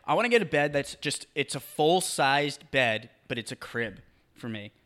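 A man's voice: mid-range voice, lively intonation, normal speed, a bit bright. A young man co-hosting a podcast, rambling goofily in casual chat. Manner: rambling, goofy. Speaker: podcast co-host. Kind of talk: crude casual banter.

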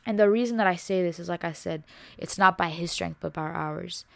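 A woman's voice: on the low side, brisk, creaky, fairly bright tone, no echo. A young woman hosting a faith podcast, preaching with passion and emphasis, repeating herself and dropping casual words like y'all and bro. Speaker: podcast host.

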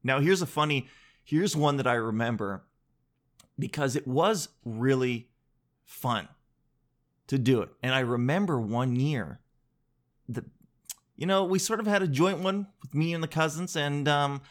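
A man's voice: mid-range voice, measured pace, pauses often. A man telling comedic stories in a casual, rambling monologue, joking, cutting himself off and swearing freely.

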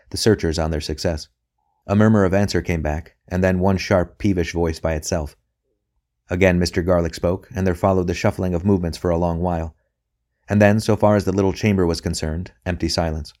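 A man reading a novel aloud as an audiobook narrator, in a measured, even manner. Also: sits low.

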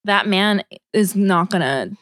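A woman's voice: medium pitch, measured pace, no room sound, studio quality. A woman in casual chat, telling a story with lots of swearing and acting out what people said. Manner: animated storyteller, swears freely, acts out quotes.

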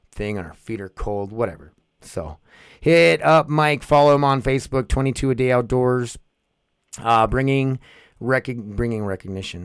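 A man's voice: mid-range voice, smooth, dry recording, clean studio sound. A man hosting his own podcast, rambling in a goofy, profane, casual way. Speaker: podcast host.

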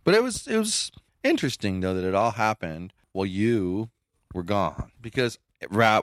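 Blunt middle-aged podcast co-host, lively pitch, dry close sound. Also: male voice, dry recording. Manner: blunt, emphatic, swings up in pitch when making a point. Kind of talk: casual chat.

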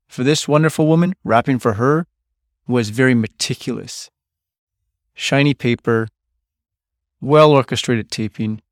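Male podcast host, mid-pitched, lively storyteller, dry close mic. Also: dry recording. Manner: animated storyteller, quotes coworkers in loud bursts. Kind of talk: storytelling monologue.

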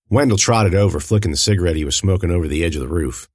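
A man narrating a first-person audiobook in an expressive, lively storytelling manner. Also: very deep voice, quick pace, hardly any pauses, dry recording, studio quality.

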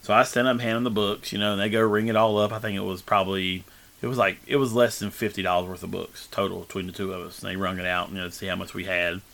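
A man's voice: deep voice, level tone, quick pace, creaky, a bit bright. A man telling a long personal story in a rambling, casual way with many fillers and restarts. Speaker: guest telling his life story.

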